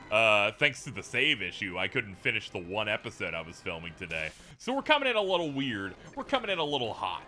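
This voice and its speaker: Animated man doing let's play commentary; bright, cutting voice, swears and laughs a lot. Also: medium pitch. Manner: animated, profane, laughing asides. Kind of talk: video game commentary.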